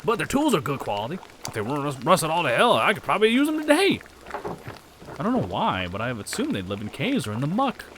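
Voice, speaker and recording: A man's voice: a little high, wildly swooping pitch, fast talker, noisy background, voice pushed up. A man voicing a plain-spoken male farmer in a game, blunt and matter-of-fact. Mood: thoughtful.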